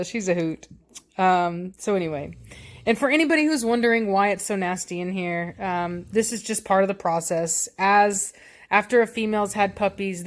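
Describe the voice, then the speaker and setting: Chatty woman. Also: lowish voice. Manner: rambling, chatty storyteller. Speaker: dog breeder. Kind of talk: casual vlog chat. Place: home indoors with puppies.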